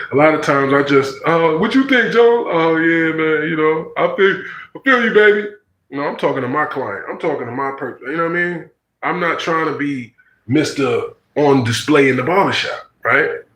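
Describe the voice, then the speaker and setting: A man's voice: medium pitch, pushed and bright, reverberant, low-quality recording. A man in his forties telling a personal story in casual, slangy talk, acting out the voices he quotes.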